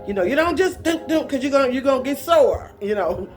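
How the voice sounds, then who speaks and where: A woman's voice: high-pitched, expressive, fairly quick, faint music behind. A woman telling a childhood story in a casual, folksy and dramatic way, laughing along as she goes.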